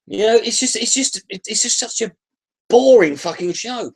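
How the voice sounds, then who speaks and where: A YouTuber with a high-pitched, husky voice and lively intonation rants at his chat at a moderate pace during a casual, profane livestream. He's irritable and sweary, sighs, and often breaks off and restarts his sentences.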